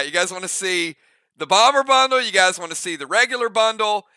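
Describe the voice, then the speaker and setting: An excited man hosting a gaming channel. He speaks in a very bright, high, smooth voice, laughing often and stumbling over fillers. The recording is dry and close. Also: normal speed, pauses often, no room sound. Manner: excited, laughs easily, many fillers and restarts. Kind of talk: casual chat.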